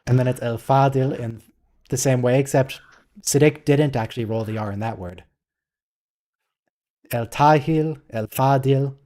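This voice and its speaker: A man's voice: mid-range voice, brisk, dark tone. A man hosting a casual live watch-along, teasing a viewer and coaching pronunciation in a playful way. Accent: American. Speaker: host.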